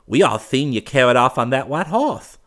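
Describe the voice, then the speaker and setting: A man's voice: medium pitch, sing-song, normal speed, a bit bright, pitched above the performer's own voice. A man voicing a fawning, nervous young nephew in a western audiobook, with a pleading manner. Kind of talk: audiobook character voice.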